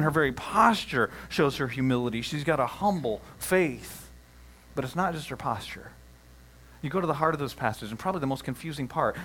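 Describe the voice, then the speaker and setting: A male pastor in the middle of a sermon, voice pitched at an ordinary middle level. He keeps the talk lively, jumping into quoted voices as he retells each story. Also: low-quality recording.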